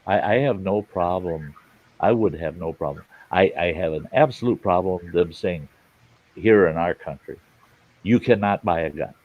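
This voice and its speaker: Deep-voiced blunt folksy man. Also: normal speed, phone-quality sound. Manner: blunt, folksy, swears freely. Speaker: live stream host. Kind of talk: casual storytelling chat. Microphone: live stream mic.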